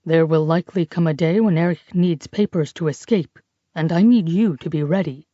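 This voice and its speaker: A woman voicing a calm, kind male French priest who speaks gently and reassuringly. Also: fairly low pitch, moderate pace, dry recording, highs cut off, close to an everyday voice. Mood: gentle.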